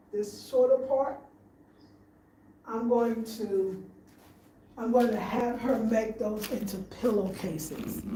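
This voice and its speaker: A woman's voice: on the high side, dark tone. Chatty woman vlogging in an echoey room. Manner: chatty, thinking aloud, repeats herself. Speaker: home design vlogger. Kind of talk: casual home-tour vlog. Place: living room at home, indoors. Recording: echoey room, faint room noise.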